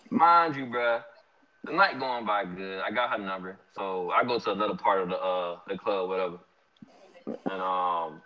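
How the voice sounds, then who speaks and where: A young man casually telling an animated, slangy story about a night out, laughing often. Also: lowish voice. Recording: dull lo-fi sound.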